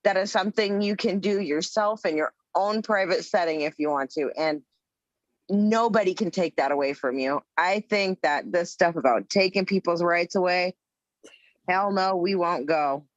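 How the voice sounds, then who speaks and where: A woman's voice: fairly low pitch, normal speed, no echo. A woman on a panel chatting emphatically and with strong opinions, swearing freely. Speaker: panel guest. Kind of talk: casual chat. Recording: dull lo-fi audio.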